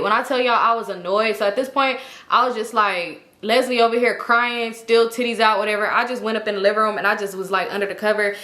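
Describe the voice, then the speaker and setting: Animated young woman with a bright voice. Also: medium pitch, brisk, reverberant. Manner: animated, slangy and profane. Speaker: YouTuber telling a story. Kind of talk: casual storytime.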